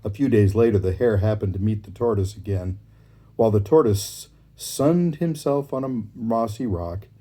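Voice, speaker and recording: Mellow man reading fables aloud. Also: on the low side, moderate pace. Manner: relaxed, easy reading with asides. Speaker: storyteller.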